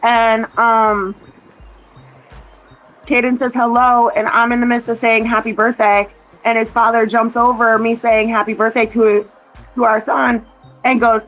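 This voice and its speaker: A woman's voice: fairly high pitch, flat delivery, a little slow, pauses often, narrow, tinny audio, faint music behind. A woman in casual chat, rambling through a family story and quoting what others said, heard over a phone. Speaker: mother chatting with a relative.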